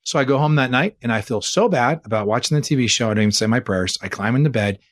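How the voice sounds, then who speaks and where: A man from the Bay Area of California, an interview guest telling a personal story in an earnest, animated way and posing rhetorical questions. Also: medium pitch, quick pace, dry recording. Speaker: interview guest, church leader. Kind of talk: conversational storytelling.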